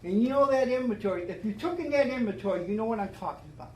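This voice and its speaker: An older man tells his sobriety story in a fairly high voice, and his words stumble and repeat as the feeling rises. The talk rings out in an echoey room with a faint hum of ambience behind it. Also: animated, racing. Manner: emotional, repetitive storytelling with many restarts. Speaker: AA speaker. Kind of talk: recovery talk to a meeting.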